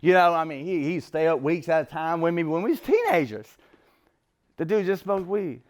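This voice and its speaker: His voice on the high side and very animated, a man recounts his recovery at a normal speed. It's a loose, rambling personal talk packed with street slang.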